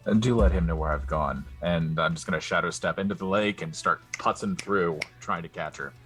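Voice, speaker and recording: A man playing a tabletop role-playing game, dry and relaxed, joking. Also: sits low, fairly quick, soft background music. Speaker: player. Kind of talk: casual tabletop game play.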